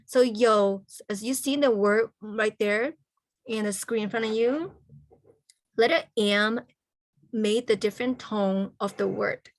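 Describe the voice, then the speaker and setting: A woman teaching a language class over a video call. She spells out letters and sounds slowly and keeps checking in with "okay?" after nearly every point. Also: mid-range voice, no echo. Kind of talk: online language lesson.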